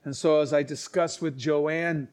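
A man preaching, telling stories in an earnest, halting way with many restarts and acted-out quotes. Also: a little high, fairly even intonation, a little mellow. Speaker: pastor. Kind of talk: sermon storytelling.

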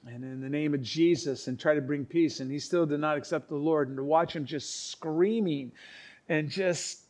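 A man preaching, telling stories in an earnest, halting way with many restarts and acted-out quotes. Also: fairly high pitch, darkish tone. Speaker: pastor. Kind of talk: sermon storytelling.

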